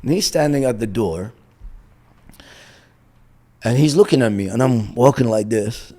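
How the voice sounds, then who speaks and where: A man's voice: mid-range voice, a little slow, dark tone. A middle-aged man, a boxing coach on a podcast, telling a story with animation, acting out the dialogue and often laughing.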